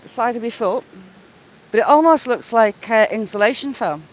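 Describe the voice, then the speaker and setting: A woman's voice: fairly high pitch, animated, moderate pace, low-quality recording. Chatty woman on a riverside walk. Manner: chatty, greeting viewers by name. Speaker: vlogger. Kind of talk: casual live-stream walk chat. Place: outdoors by a wooded river. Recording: faint outdoor background noise.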